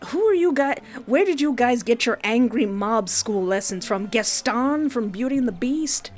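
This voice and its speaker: A woman's voice: fairly high pitch, lively intonation, normal speed, darkish tone. A woman streamer chatting playfully while playing a story game, joking and laughing often. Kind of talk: live game commentary.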